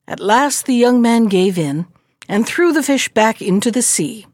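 Animated woman librarian telling a story. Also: fairly high pitch, a little slow, dry recording, clean studio sound. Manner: expressive, animated. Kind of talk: storytelling read-aloud.

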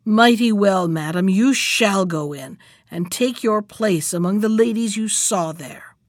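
A woman's voice: mid-range voice, measured pace, no room sound, clean studio sound, close to an everyday voice. Bluebeard, a stern cold husband, read by a woman. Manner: cold, commanding. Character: cruel stern nobleman, menacing husband.

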